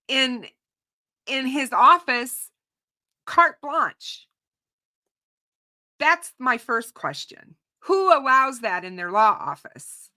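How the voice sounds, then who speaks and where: Woman host, true crime commentary, slow and deliberate, bright tone, slightly strained voice, opinionated. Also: high-pitched. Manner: opinionated, frequent restarts and repeated words. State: voice starting to go, clearing her throat. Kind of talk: unscripted commentary to a live audience.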